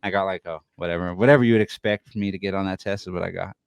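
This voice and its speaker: A man's voice: sits low, fairly even intonation, rapid-fire, vocal fry, clean tone, no echo, clean studio sound. A young man from Denver telling rambling, profane stories in a casual podcast chat, laughing as he goes. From Denver, USA. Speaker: podcast co-host.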